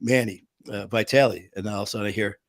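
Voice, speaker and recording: Animated storytelling man, dry sound. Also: lowish voice, fast talker, no echo. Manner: animated storyteller, acts out quotes, frequent fillers and laughs. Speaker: show host. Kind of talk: casual storytelling chat.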